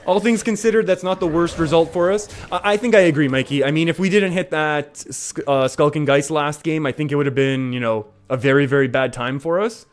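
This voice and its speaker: A man's voice: a little high, brisk, hardly any pauses. A man live-streaming a card game, talking through his plays in a chatty way and often laughing.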